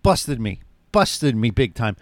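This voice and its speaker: A man's voice: medium pitch, sing-song, slow pace, no echo. A man co-hosting a podcast, talking animatedly about a film and acting out lines from its scenes. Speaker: podcast co-host. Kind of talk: casual film discussion.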